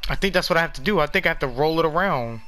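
Excitable swearing male gamer. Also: a little high, very fast, smooth. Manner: excitable, swears a lot, shouts in amazement. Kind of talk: casual gameplay commentary.

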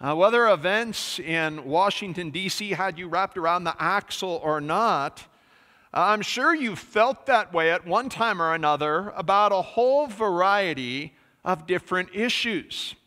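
Bright-voiced man preaching in a reverberant church. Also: high-pitched, lively intonation, measured pace. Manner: conversational preaching with many fillers. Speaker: pastor. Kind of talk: sermon. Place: church sanctuary.

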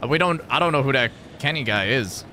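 A man's voice: medium pitch, lively intonation, fast, sharp tone, a little hiss or hum. A man from New Jersey chatting playfully while streaming a video game. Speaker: gaming streamer. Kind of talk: casual live-stream commentary.

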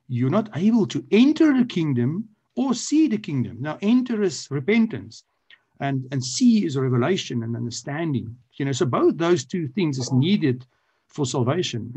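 A warm, husky, mid-range male voice belongs to a church panelist giving an unscripted theology explanation. He's hesitant, full of fillers and restarts.

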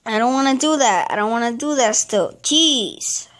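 A woman's voice: on the high side, animated, normal speed, fairly bright tone. A woman giving casual gameplay commentary as a channel host, frustrated and exclaiming at the game as she plays.

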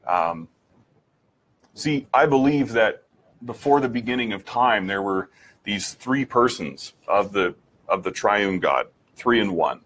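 Man, low husky voice, earnest testimony, reflective, restarts, direct questions. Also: lively intonation, slow pace, fairly bright tone. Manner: asks the listener direct rhetorical questions. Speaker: speaker sharing his faith testimony. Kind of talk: personal testimony talk.

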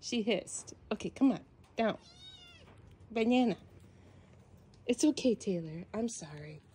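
Slow, warm-voiced woman coaxing her cats. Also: mid-range voice, animated, husky. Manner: coaxing, doting baby-talk to the cats, at times hushed to a whisper. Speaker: cat rescuer filming her foster cats. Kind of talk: casual vlog narration, talking to her cats. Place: room at home with kittens and cats.

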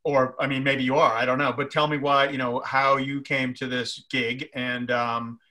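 A man with a bright, forceful voice asks questions in a loose, conversational interview. His phrasing is halting, full of restarts and fillers as he feels his way toward each question, and his pitch sits in an ordinary middle range. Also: flat delivery.

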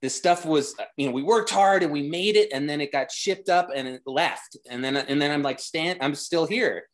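A man's voice: fairly high pitch, moderate pace. A man talking as a guest designer in a casual interview, rambling with many restarts and growing enthusiastic.

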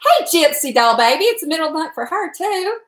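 A woman's voice: extremely high pitch, very animated, quick pace. A woman with a Southern American accent hosting a casual cooking live stream, chatting with viewers, greeting them by name and laughing often. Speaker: cooking channel host. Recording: echoey room.

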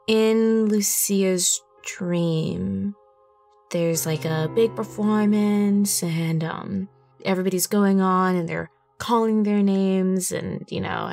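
A woman's voice: medium pitch, steady tone, slow, creaky, a little mellow, no echo, soft background music. A woman playing a tabletop game, describing her character's scene vividly with many casual fillers. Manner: vivid storyteller, lots of fillers. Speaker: player.

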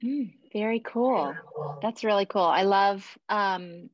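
A woman's voice: mid-range voice, slow pace, no echo. A woman hosting a podcast interview, chatting in an upbeat, talkative way and laughing often. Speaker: podcast host. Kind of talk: casual interview chat. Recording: dull lo-fi sound.

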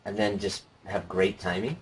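A man's voice: fairly low pitch, steady tone, normal speed, slight background noise. A man co-hosting a let's play, making dry, laid-back jokes while he plays. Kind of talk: casual gameplay chat.

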